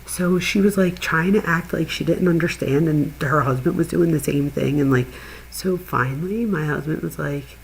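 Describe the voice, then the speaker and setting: A middle-aged woman and channel host, chatting casually with viewers and telling an animated story, laughing as she goes. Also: sits low, normal speed, slight background noise, rough recording. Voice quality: gravelly, husky. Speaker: true crime channel host.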